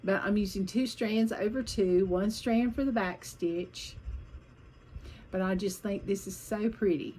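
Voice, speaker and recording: A woman's voice: medium pitch, unhurried, mellow, slight background noise, low-quality recording. A woman vlogging about her cross-stitch projects in a chatty, rambling way, hopping from one topic to the next.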